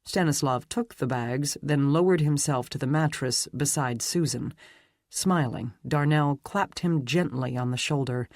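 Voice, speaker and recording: A man narrating a dark fantasy romance audiobook in a steady, even reading. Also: medium pitch, unhurried, no room sound, clean studio sound. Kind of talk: scripted narration.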